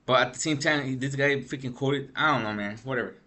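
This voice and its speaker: A man's voice: medium pitch, brisk, bright, forceful tone. A man vlogging gaming news in a rambling, slangy rant, tired from lack of sleep. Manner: rambling, slangy, frequent "bro" and "freaking". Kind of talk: casual ranting commentary.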